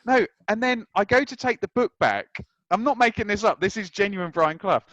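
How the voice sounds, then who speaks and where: A man in his thirties, on as a guest, tells stories with lively energy and acts out what people said. His voice sits a little on the high side. The sound is close and dry, with no room in it. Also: brisk, dry recording, lo-fi sound. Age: 30s. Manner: animated, acts out quoted lines. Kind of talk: anecdotal storytelling.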